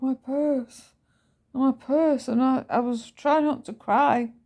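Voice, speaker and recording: A woman's voice: on the high side, takes it slowly, vocal fry, mellow. A woman telling a personal story in a casual, rambling vlog. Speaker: vlogger.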